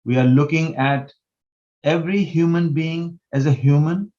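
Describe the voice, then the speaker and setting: An older man pleads his case with rising passion, pressing rhetorical questions as he speaks. His voice sits a little high for a man. The audio comes through dull and muffled, like a remote call. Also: steady tone, a little slow, darkish tone. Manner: impassioned, emphatic, rhetorical questions. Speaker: guest, disability housing advocate. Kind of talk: panel discussion.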